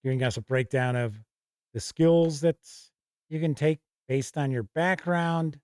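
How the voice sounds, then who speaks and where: A man's voice: on the high side, measured pace, a little mellow, smooth, no echo, clean studio sound. A man hosting a tabletop game show, chatting casually and reading lists aloud from a rulebook with small asides and self-corrections. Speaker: show host reviewing tabletop RPG books.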